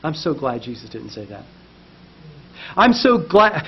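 A man's voice: mid-range voice, big pitch swings, moderate pace, breathy edge. A man preaching a sermon as pastor, with impassioned, repetitive emphasis that builds in intensity. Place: church basement. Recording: muffled lo-fi sound.

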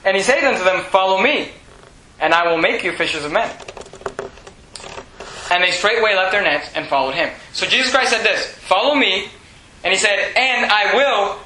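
A man preaching a sermon, emphatic, with bursts of loud, bold delivery. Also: high voice, lively intonation, normal speed, pauses often. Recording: echoey room, faint hum.

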